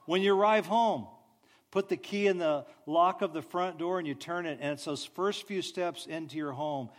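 A man preaching a sermon, telling stories with animated delivery and soft, drawn-out sighs. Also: on the high side. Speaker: pastor.

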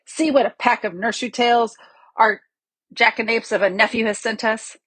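A woman's voice: on the high side, steady tone, normal speed, a bit bright, slightly rough, dry recording, pitched above the performer's own voice. A woman reading the part of a scowling, hot-tempered usurper king with a growling, scornful delivery.

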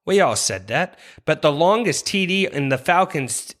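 A man's voice: fairly high pitch, expressive, moderate pace, a bit bright. Passionate, rambling man hosting a podcast. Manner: passionate, rambling, apologetic asides. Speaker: podcast host. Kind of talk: fantasy football rankings talk.

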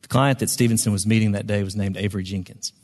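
A man's voice: fairly low pitch, steady tone, fast talker, a little mellow, in a large hall. A man preaching a sermon, telling a story in a conversational way with frequent ums and restarts. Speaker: pastor.

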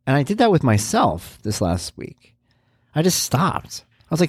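A man's voice: on the high side, wildly swooping pitch, normal speed, breathy edge, no room sound, studio quality. A man in his forties hosting a podcast, talking candidly and rambling through a personal monologue, now and then acting out voices. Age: 40s. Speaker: podcast host.

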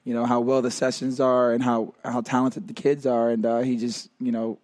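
A man in his thirties, a retired player, chatting casually as a guest, relaxed and full of fillers. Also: medium pitch, normal speed, no echo. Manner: relaxed, with many fillers and restarts. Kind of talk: casual interview chat.

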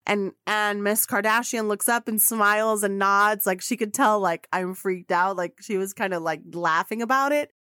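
A woman hosting a podcast, telling a personal story in an excitable, gushing way and swearing casually. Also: mid-range voice, normal speed, few pauses, clear, resonant tone, dry recording, clean studio sound. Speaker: podcast host.

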